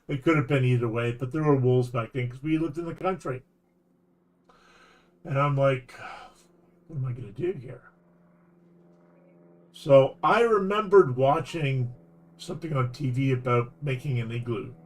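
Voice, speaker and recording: A man's voice: mid-range voice, normal speed, long pauses. A Canadian man streaming a game, telling a long rambling story with false starts and laughs. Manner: rambling, animated anecdote with restarts and laughs. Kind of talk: casual storytelling while gaming.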